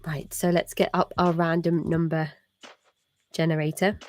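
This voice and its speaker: A woman's voice: sits low, level tone, normal speed, darkish tone. A British woman hosting a live charity stream, chatting casually with lots of fillers and restarts. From Britain. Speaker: stream host.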